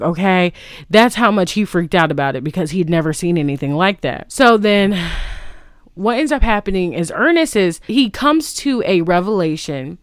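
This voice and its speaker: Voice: medium pitch, smooth, no echo. A vlogger retells a film plot casually, rambling through restarts and "like". The voice sits in a mid range and sounds dry and close, with no room around it.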